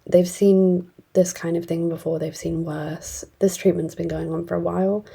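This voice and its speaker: A woman's voice: lowish voice, flat delivery, normal speed, gravelly, mellow, breathy edge. A woman casually retelling and reviewing a fantasy novel, chatty and blunt, with many fillers. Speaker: book reviewer.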